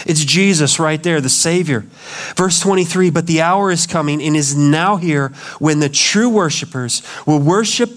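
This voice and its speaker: A male pastor preaching a sermon, acting out the voices of the people he quotes. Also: high voice. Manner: dramatic, acts out quoted voices. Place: church.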